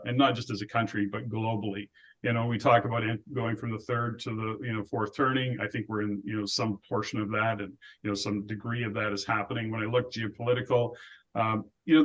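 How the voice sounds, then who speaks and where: A man's voice: mid-range voice, rough recording. An older man from Alberta co-hosting a casual podcast, ranting with rhetorical questions and strong opinions. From Alberta, Canada. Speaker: podcast co-host.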